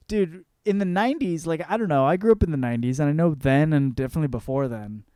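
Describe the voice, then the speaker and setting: Recorded dry with clean studio sound, this podcast host in his thirties talks fairly quickly in a dark, clean, mid-range voice. He rambles through listener comments, swearing and cracking himself up in a casual comedic monologue.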